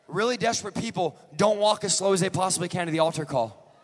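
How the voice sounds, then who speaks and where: A man preaching a sermon in a church, moving from joking asides to shouted, rhythmic calls to the congregation. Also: a little high, fast, big-room sound. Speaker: guest preacher. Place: large church.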